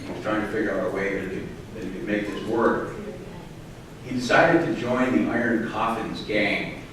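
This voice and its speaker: A man telling a roast story to a live audience, with a halting delivery full of fillers and restarts. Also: lowish voice, little pitch movement. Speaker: roast speaker. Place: large hall with live audience. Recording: distant echoey hall recording with noise.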